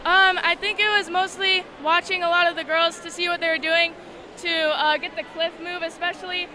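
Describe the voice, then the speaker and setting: Female athlete, modest and a bit hesitant, high bright voice, faint crowd behind; post-race interview. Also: little pitch movement, normal speed, slight background noise.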